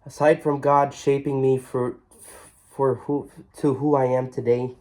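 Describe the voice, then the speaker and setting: A man's voice: medium pitch, little pitch movement, unhurried, a little mellow. A man vlogging an emotional reflection, earnest and heartfelt, often repeating his phrases.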